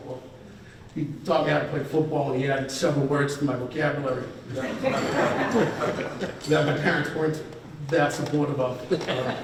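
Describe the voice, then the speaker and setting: In his fifties, this man gives a rambling, self-deprecating acceptance speech for a hall of fame at a banquet dinner. His voice sits at medium pitch, with slight background noise. It was picked up from far off in an echoey banquet hall.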